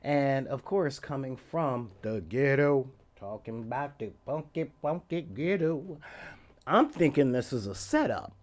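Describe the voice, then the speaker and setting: A man in his forties telling a story in a loose, rambling way, often laughing and acting out the quoted lines loudly. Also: medium pitch, lively intonation, measured pace. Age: 40s. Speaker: podcast host. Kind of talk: casual storytelling.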